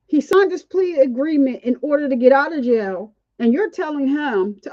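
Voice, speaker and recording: A woman's voice: sits high, animated, moderate pace, few pauses, darkish tone, dry recording, lo-fi sound. A woman hosting a casual, outspoken commentary on a court trial, indignant and chatty. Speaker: commentary channel host.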